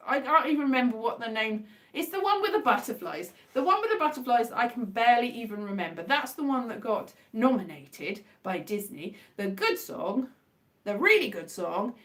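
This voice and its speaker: Woman, livestream host; high, very lively voice; rambling, wry, self-mocking chat.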